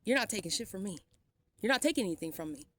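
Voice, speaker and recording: A woman's voice: medium pitch, animated, fast talker. A woman vlogging a defiant, sarcastic rant, blunt and swearing freely. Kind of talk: ranting vlog monologue.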